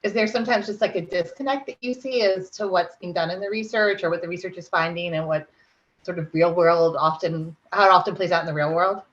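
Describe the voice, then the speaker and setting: A woman's voice: on the low side, brisk, muffled recording. A woman podcast host asking curious questions in a casual manner. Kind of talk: conversational podcast interview.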